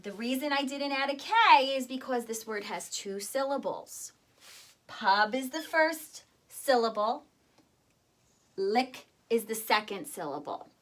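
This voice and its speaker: A woman teaching first graders to spell, with a bright, clear voice pitched a little high. She speaks slowly and deliberately, sounding words out one syllable at a time. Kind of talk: recorded spelling lesson.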